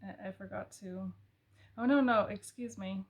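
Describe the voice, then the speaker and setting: A woman casually talking through a history book she recommends, thoughtful and musing, pausing with fillers and correcting herself. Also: medium pitch, slightly rough. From American South family. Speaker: book reviewer.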